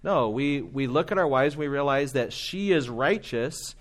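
A man's voice: medium pitch, lively intonation, measured pace. A man preaching a sermon in an earnest, conversational way, often quoting hymns and older writers. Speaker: pastor.

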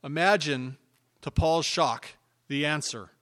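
A man preaching a sermon as pastor, dropping to hushed asides and then rising to emphatic, louder points. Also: on the high side, moderate pace. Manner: emphatic preaching, swinging between hushed and loud.

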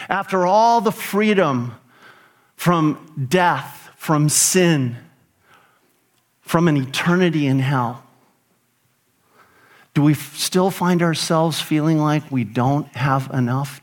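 A middle-aged man preaching a sermon as pastor, emphatic, with rhetorical questions and rising emphasis on key phrases. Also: fairly high pitch.

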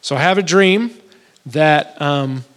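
A married man delivers a sermon in a somewhat high voice. He tells stories casually, with small restarts, and builds to emotional, pleading peaks. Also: takes it slowly, a bit bright. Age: adult, married. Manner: conversational storytelling with restarts. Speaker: pastor.

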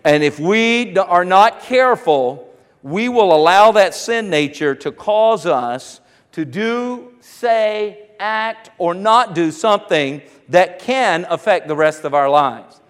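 High-voiced preacher in a hall. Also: male voice, animated, slow, a bit bright, clear, resonant tone. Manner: storytelling, laughing at himself, building to fervent preaching. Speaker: pastor. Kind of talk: sermon with personal story.

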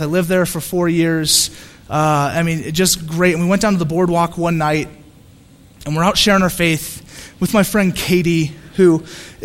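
A man's voice: on the high side, fairly bright tone, long reverb tail. A male pastor preaching a sermon, telling a story with lots of energy and frequent restarts and repeated words.

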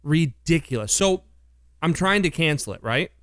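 A man co-hosts a radio show, chatting casually on air and trading playful, teasing banter. His voice sits fairly high with lively intonation, a moderate pace, and a fairly bright tone. The recording is dry, with clean studio sound.

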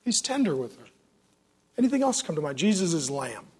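A man preaching a sermon in a lively, joking way, often asking the audience questions. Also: fairly high pitch, a little fast, husky. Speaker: pastor.

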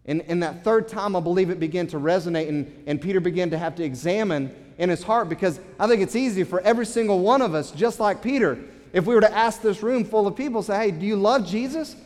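A man's voice: high voice, fast talker, darkish tone. A pastor preaching a sermon to his congregation in a church, earnest and repeating words as he builds his point. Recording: long hall reverb.

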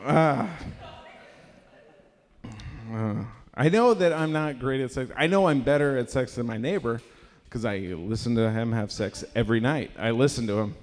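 A young man doing a stand-up comedy set in a live venue, rambling and self-deprecating, bursting into loud acted-out voices. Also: mid-range voice. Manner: rambling, self-deprecating, acts out characters loudly. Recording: live room with long reverb.

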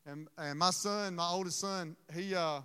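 High bright-voiced guy preaching, earnest and emotional, lots of restarts, echoey hall. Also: steady tone, unhurried, clear, resonant tone. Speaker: pastor. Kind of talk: sermon.

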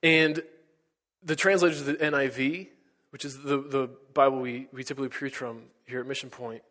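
Male pastor, mid-pitch, earnest sermon delivery, long church reverb. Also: steady tone, normal speed. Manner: earnest, rising to emphatic peaks then dropping to hushed lines.

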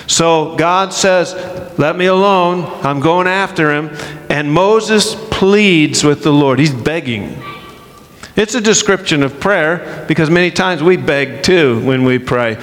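A man's voice: a little high, in a large hall. A man preaching a sermon with an emphatic delivery, acting out the quotes he reads.

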